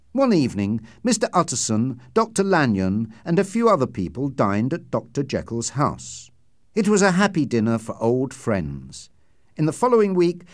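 A man narrates an audiobook in a clear, measured way. His pitch rises and falls widely from phrase to phrase. The recording is dry and close, with no room sound. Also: no room sound.

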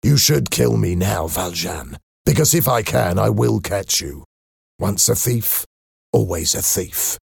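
A man's voice: lowish voice, expressive, measured pace, vocal fry, husky, no room sound, studio quality, heavily acted. A man voicing a stern, resigned police inspector.

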